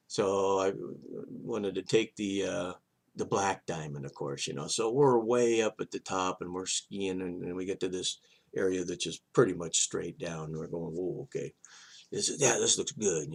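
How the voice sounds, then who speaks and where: An older man casually telling a personal story as a vlog host, rambling and animated with halting restarts. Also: fairly low pitch, gravelly.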